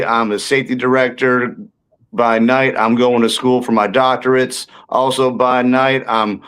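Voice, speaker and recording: A man's voice of medium pitch, a working comedian and actor telling an interviewer loose, funny stories about a film set. His talk wanders, with plenty of "uh" and restarted sentences as he builds each joke. He sounds casual and self-mocking throughout. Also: a bit bright, clear, resonant tone. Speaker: guest actor and stand-up comedian. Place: indoors, tucked in somewhere warm.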